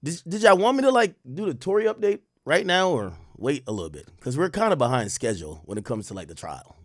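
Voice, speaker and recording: A man's voice: a little high, sing-song, quick pace, no echo, studio quality. A young man hosting a casual livestream, talking loosely and reading out and answering his chat as it comes in. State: worried about losing his voice. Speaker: livestream host.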